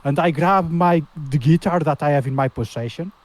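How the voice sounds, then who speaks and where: High-voiced man playing a tabletop game. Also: fairly quick. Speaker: player. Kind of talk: casual game chat.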